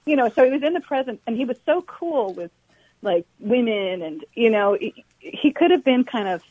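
A woman's voice: on the high side, expressive, moderate pace, a little mellow, no room sound, muffled recording. A woman musician talking as a radio interview guest, chatty and rambling and laughing often. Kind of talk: casual interview conversation.

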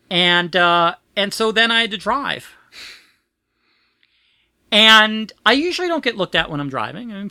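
A woman's voice: deep voice, sharp tone, dry recording. A woman chatting casually, telling a rambling personal story with frequent laughs and restarts. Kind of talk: casual chat.

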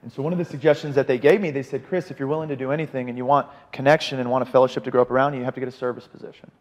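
A man's voice: medium pitch, rapid-fire, in a large hall. A man telling his recovery story in a casual chat, acting out the people he quotes. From Arizona. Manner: animated, quotes people in voices. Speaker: podcast guest in recovery.

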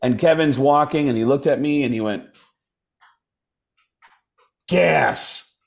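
A man, a comedian, telling stories casually and animatedly, dropping into quick impressions of other people. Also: medium pitch, a little mellow. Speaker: comedian guest. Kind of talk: casual storytelling.

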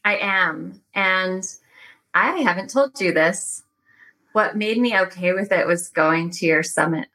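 Chatty woman guest with a bright voice. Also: lowish voice, a little slow, poor audio. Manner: animated storytelling, many fillers. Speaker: podcast guest. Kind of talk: casual chat.

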